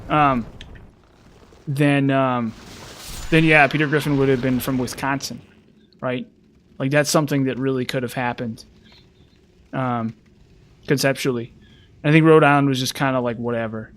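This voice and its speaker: A man's voice: mid-range voice, steady tone, moderate pace, long pauses, a bit bright. A man from the western United States in a rambling casual chat, full of fillers and restarts. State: frazzled. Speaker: streamer.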